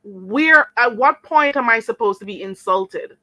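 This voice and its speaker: Woman, young adult, stream host, indignant, sarcastic, bright tense voice. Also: a little high, lively intonation, a little slow, no echo, rough recording. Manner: indignant, sarcastic, mocking mimicry. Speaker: channel host. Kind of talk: live-stream rant to viewers.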